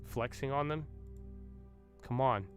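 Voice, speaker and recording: A man's voice: mid-range voice, slow pace, fairly bright tone, soft background music. A young man hosting a live trading stream, bragging and bantering with his chat in a loose, cocky way. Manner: boastful, banters with chat, swears. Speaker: livestream host. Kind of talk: casual livestream chat.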